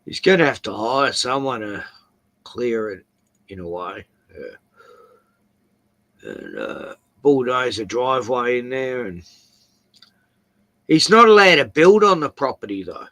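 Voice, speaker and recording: A man's voice: medium pitch, big pitch swings, a little slow, pauses often, fairly bright tone, no echo. A man with an Australian accent hosting a casual chat, rambling through anecdotes with chuckles. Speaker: host.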